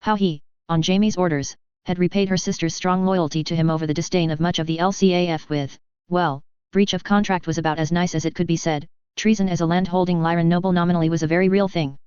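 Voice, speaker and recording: An audiobook narrator reading a first-person story in a steady, even manner, recorded with a slightly muffled sound. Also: medium pitch, quick pace, smooth, no room sound.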